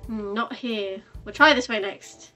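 A woman voicing an eccentric, self-assured female detective who speaks with deadpan certainty. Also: on the high side, measured pace, soft background music.

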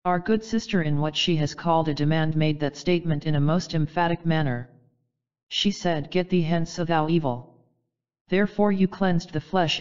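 A reader giving a measured, formal reading of channeled spiritual teachings, addressing the listener as dear one. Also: mid-range voice, darkish tone, smooth, dull audio. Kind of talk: solemn reading of a spiritual text.

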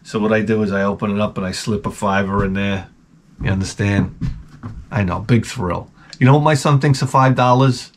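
Slight background noise sits under this fairly low-pitched male voice speaking at normal speed. He's a middle-aged Long Island, New York vlogger spinning a sardonic, profane, meandering story in casual monologue form.

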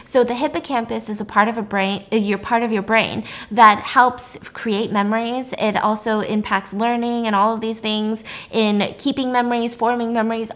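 A young woman YouTuber casually recapping a film's plot in a chatty, animated storytelling style. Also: on the high side.

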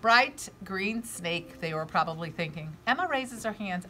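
A woman reading a children's chapter book aloud, expressive, gasping and adding asides to young listeners. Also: medium pitch, unhurried, a little hiss or hum.

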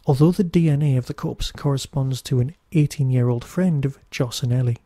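A man's voice: medium pitch, brisk, warm tone, dry recording, studio quality. A Newcastle man with a Geordie accent hosting a podcast, reviewing in a chatty, wry, digressive monologue. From Newcastle, England. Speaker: podcast host.

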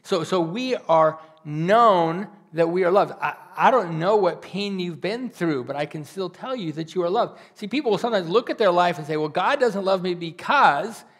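A man preaching a sermon as a pastor, earnest and pleading, swinging between loud rises and soft, almost whispered drops. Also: sits high, lively intonation, moderate pace, hardly any pauses.

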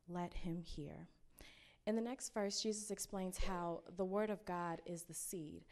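A young woman, a student speaker at a campus ministry, giving a personal testimony sermon in an earnest, halting way with many fillers. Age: young adult. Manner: quotes others in animated high-pitched voices.

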